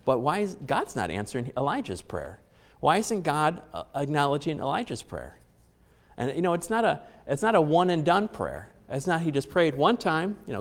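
Lively-voiced preacher in a reverberant hall. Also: male voice, on the high side, normal speed. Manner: conversational, repeats phrases, brief chuckles. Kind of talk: sermon.

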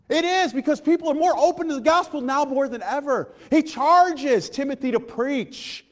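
A man preaching a sermon in a church, impassioned, swinging from loud calls to hushed asides and asking his listeners questions. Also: very high voice, animated, moderate pace, few pauses, long reverb tail.

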